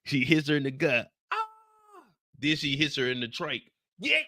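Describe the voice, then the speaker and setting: A man's voice: on the high side, very animated, normal speed, pushed and bright, no echo, clean studio sound. A man hosting a live TV episode recap, telling the story in a profane, slangy way and acting out scenes with sound effects and his own anecdotes.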